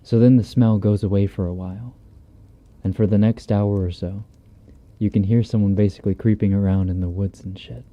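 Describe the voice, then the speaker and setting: A man's voice: lowish voice, fairly even intonation, a little fast, highs cut off. A man reading a horror story aloud on a stream in a laid-back, profane, conversational way, close on a binaural mic. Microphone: binaural dummy-head mic.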